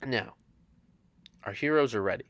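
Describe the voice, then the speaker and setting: A man narrating a video game adventure in a deliberate, deadpan monotone narrator voice. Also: medium pitch, slight background noise. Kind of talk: comic gameplay narration.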